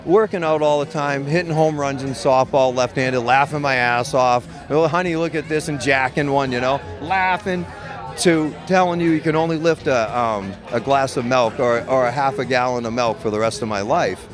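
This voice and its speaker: Blunt, rambling middle-aged man from Maine. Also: mid-range voice. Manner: rambling, blunt and profane, with frequent restarts. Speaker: medical cannabis caregiver. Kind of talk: candid interview storytelling. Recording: loud music under voice. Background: music.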